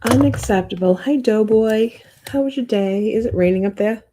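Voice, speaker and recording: A woman's voice: on the high side, moderate pace, noisy background. A woman hosting a livestream in casual chat, greeting viewers by name. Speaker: livestream host.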